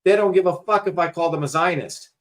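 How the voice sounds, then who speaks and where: A man's voice: sits high, fast, fairly bright tone. A man hosting a talk show, lecturing emphatically in casual conversation and cursing freely. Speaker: host.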